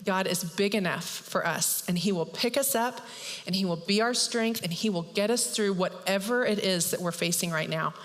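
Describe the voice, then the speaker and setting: A woman pastor retelling a Bible story in a lively, chatty sermon. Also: mid-range voice, moderate pace. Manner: lively, chatty, acts out characters. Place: church. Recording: long hall reverb.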